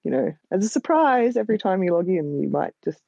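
Australian woman, gravelly, husky, rambling chat with many ums, dull lo-fi remote mic. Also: lowish voice, very animated, fairly quick, dark tone, no room sound. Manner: rambling, hesitant, lots of ums. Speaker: guest writer. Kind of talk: casual chat. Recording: dull lo-fi sound.

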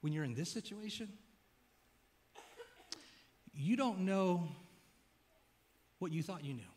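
High-voiced, joking male pastor. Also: animated, slow, darkish tone. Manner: casual, joking, conversational preaching. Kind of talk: sermon.

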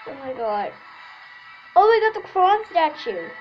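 A woman's voice: sits high, very animated, measured pace. A woman chatting through a reaction video, making apologetic asides to her viewers. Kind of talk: casual reaction commentary. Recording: dull lo-fi home recording with film music behind. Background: film soundtrack music faintly audible.

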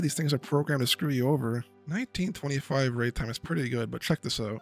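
A young man doing a casual voice-over commentary on his game progress, excitable and swearing when hyped. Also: medium pitch, a little fast, few pauses, faint music behind. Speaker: gaming video creator.

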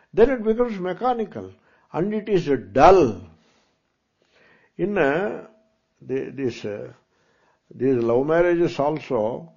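This Vedanta discourse comes from a spiritual teacher speaking Indian English before students in a lecture hall, in a conversational lecturing style full of rhetorical questions and Hindi asides. His voice is a little high, husky, and darkish in tone. The recording is lo-fi and dull.

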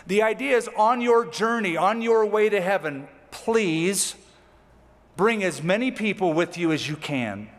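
A man's voice: high-pitched, animated, unhurried. Man preaching in a reverberant church hall. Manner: reads scripture then explains it with casual asides. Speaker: pastor. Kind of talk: expository sermon.

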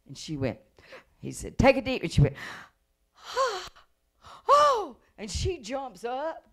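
Animated woman evangelist preaching. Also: a little high, normal speed, creaky. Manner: animated storytelling, acts out voices and gasps; rises to loud preaching cadence. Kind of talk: revival sermon.

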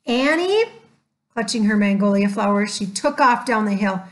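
A woman narrating a children's chapter book aloud in a gentle, measured way. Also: mid-range voice, fairly even intonation. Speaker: storyteller. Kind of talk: scripted storybook narration.

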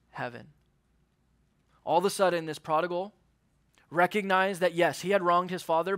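High, bright-voiced young man preaching. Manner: earnest preaching, acts out quotes, drops to a hush on key words. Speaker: youth pastor. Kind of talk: sermon. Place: church youth service.

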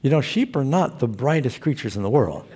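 A male pastor with a husky, dark, medium-pitched voice preaches briskly, his pitch swinging widely. His sermon mixes humorous storytelling with questions put to his listeners.

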